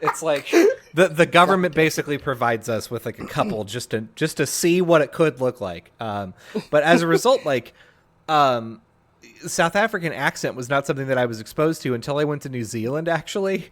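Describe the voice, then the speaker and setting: A man's voice: a little high, lively intonation, fairly quick, fairly bright tone. A man from South Texas, co-hosting a podcast in casual chat and telling rambling stories full of "like". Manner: rambling, loose storytelling with frequent "like". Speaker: podcast co-host.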